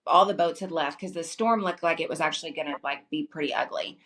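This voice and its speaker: A woman's voice: low voice, fast talker, a bit bright. A woman co-hosting a podcast, telling listeners about a fishing tournament in an easygoing way. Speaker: podcast co-host. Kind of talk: casual storytelling chat.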